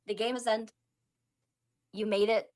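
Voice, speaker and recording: A woman's voice: mid-range voice, flat delivery, measured pace, darkish tone, dry recording, studio quality. A woman co-hosting a casual podcast chat, flustered and talking over herself while she fixes the audio on a headset mic. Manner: flustered, keeps saying hold on while fixing audio. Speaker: podcast co-host running a game.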